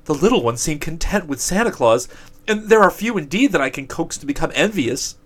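A man's voice: fairly high pitch, expressive, brisk, voice pushed up. An envious demon complains in a lifted, aggrieved voice, done by a male storyteller. He sounds petty and resentful, and he gripes about everything. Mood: complaining.

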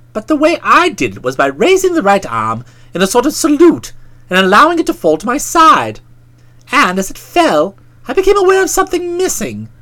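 Woman reading a comic first-person story, very animated ups and downs, wry and a bit pompous on purpose. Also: on the high side. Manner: wry, theatrical, mock-pompous. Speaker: audiobook narrator.

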